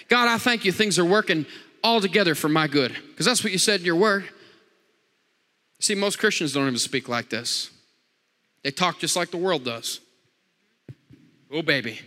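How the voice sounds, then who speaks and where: A man's voice: a little high, expressive, normal speed, pauses often, sharp tone. A man preaching a sermon, joking with the congregation and repeating lines with frequent amens. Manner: jokey, call-and-response preaching with repeated amens. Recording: long hall reverb.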